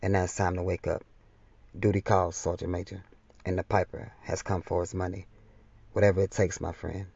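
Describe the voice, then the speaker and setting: Male reader doing a soft-spoken, wise doctor figure, husky and flat-toned, dull lo-fi sound. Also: sits low, a little fast, no room sound, full character voice. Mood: gentle, calm. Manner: soft and quiet, gently firm. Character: calm, wise man doctor in a dream. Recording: slightly dull, dry lo-fi recording.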